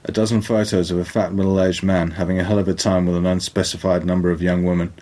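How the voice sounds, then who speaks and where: A man's voice: low-pitched, little pitch movement, quick pace, dark tone. A man with a British accent reading a crime audiobook in a dry, matter-of-fact way. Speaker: narrator. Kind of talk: audiobook narration.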